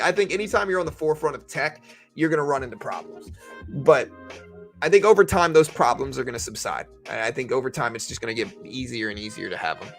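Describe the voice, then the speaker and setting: Speaking in a slightly high, fairly bright voice, a man rambles through a casual live stream about trading. He chats conversationally with his viewers and fills his speech with filler words.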